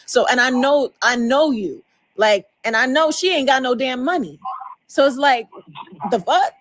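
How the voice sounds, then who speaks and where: A woman's voice: sits high, measured pace, rough recording. Emotional woman venting on a call. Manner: emotional, vents with repeated fillers like "you know". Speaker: wife on a phone call to her jailed husband. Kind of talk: casual phone conversation.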